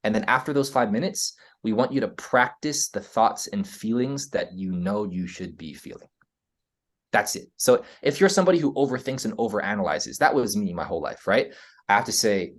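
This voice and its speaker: A man's voice: lowish voice, animated, fast. A man with an American accent, a podcast guest explaining his ideas in casual interview talk, earnest, often checking in with "right?". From United States. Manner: earnest, explaining, frequent "right?" tags and restarts.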